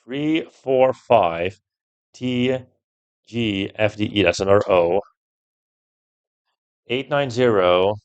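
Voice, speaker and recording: A young male gameplay streamer with a fairly low, clear, resonant voice talks through a puzzle game step by step, slowly and with frequent pauses. His intonation is lively, he swears freely, and he gets loudly annoyed when a puzzle beats him; the audio sounds dull.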